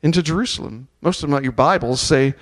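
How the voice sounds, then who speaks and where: Guy preaching a sermon, kinda high voice, gets loud and fired up, has the crowd chant back. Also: a little fast. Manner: animated, rising to loud ringing peaks on scripture and praise; leads the congregation in call-and-response chants. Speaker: pastor.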